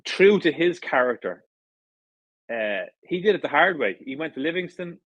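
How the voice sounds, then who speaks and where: A man's voice: on the high side, lively intonation, normal speed, a bit bright, dry recording, muffled recording. A middle-aged Irish man, a former footballer, telling stories in a casual interview, rambling with many restarts and fillers. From Ireland. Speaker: former footballer, podcast guest.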